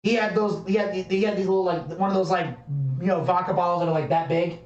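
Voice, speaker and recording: A man's voice: high voice, steady tone, fast, muffled recording. A man co-hosting a podcast, telling a story casually with lots of fillers and swearing. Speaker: podcast co-host. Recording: echoey room, distant mic.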